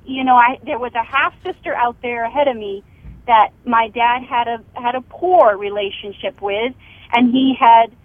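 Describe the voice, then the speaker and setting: A middle-aged woman tells a family story down a tinny telephone line, slipping into the voices of the people in it. Her voice sits high and has a husky edge. The line sounds dry, with no room around it. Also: fairly even intonation, normal speed, no echo. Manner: vivid storyteller, acts out quoted dialogue. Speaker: author and guest. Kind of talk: telling a family story in a radio interview.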